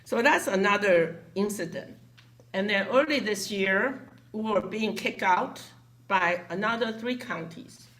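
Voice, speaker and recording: A foundation director, a woman with a medium-pitched voice, tells a story to a gathering at a measured pace. She is animated and acts out the voices of the people she quotes.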